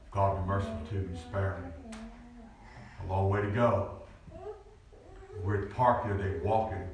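A man in his forties preaching a sermon. He talks in a lively way and climbs to shouts at the peaks. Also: fairly low pitch, distant mic, noisy background. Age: 40s. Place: church sanctuary. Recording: echoey room, voice from off-mic.

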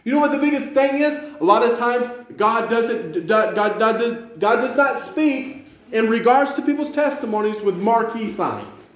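A man's voice: very high voice, animated, normal speed. A male pastor with a Western New York accent, preaching a sermon in a jokey storytelling way with stammering restarts. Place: church sanctuary. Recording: echoey church room.

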